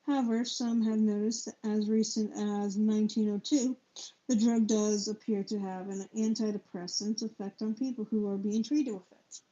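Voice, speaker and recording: A woman's voice: medium pitch, fairly even intonation, mellow. A young woman reading a book aloud on a live stream, stumbling over and spelling out hard words. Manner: halting reading with stumbles and self-corrections. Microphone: low-quality setup. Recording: dull lo-fi stream audio.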